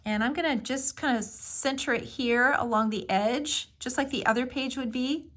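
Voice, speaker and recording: A woman with a slightly high voice walks through a paper craft project step by step. She talks casually, with plenty of fillers and reassuring instructions. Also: normal speed, fairly bright tone.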